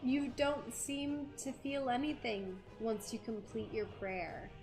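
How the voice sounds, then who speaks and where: A woman narrating a tabletop game as dungeon master, describing scenes in an unhurried way and often giggling. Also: fairly high pitch. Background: faint game music.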